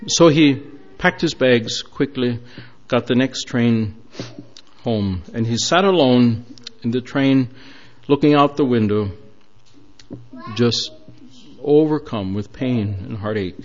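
Slow-speaking man preaching a sermon. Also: mid-range voice. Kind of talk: sermon storytelling. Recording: dull lo-fi recording.

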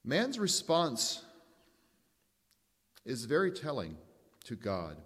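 A man preaching a sermon in a measured, emphatic way, asking rhetorical questions. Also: medium pitch, huge pitch swings, a bit bright, breathy edge, long reverb tail.

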